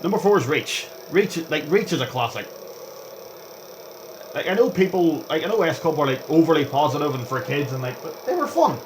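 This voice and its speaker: A young gaming vlogger rambles through gameplay commentary in a fairly high, brisk voice over a noisy background. Chatty and excitable, he jumps between topics and reacts aloud to the game.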